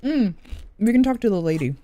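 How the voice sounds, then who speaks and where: A woman's voice: medium pitch, lively intonation, fairly quick, warm tone. A woman streaming a video game, chatty and giggly, thinking aloud. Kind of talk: casual game commentary.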